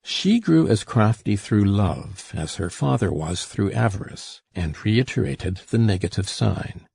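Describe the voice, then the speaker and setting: A man narrating a classic novel as an audiobook in a measured storytelling manner. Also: fairly low pitch, sing-song, vocal fry, a little mellow, husky, no echo. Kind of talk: scripted narration.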